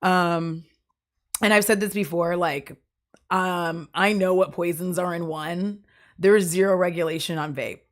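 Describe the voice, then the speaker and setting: A woman talks casually to her stream viewers while sick, her voice pushed lower and rougher by a cough. She rambles from one thing to the next, laughing often and leaning on fillers. Her voice sits somewhat low for a woman. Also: fairly even intonation, a little slow.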